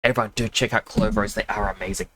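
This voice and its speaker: Over game music, a young man with a mixed Australian accent rambles and laughs often as he chats casually on a game live stream. He talks fast in a lowish, level, slightly bright voice, with slight background noise and poor audio.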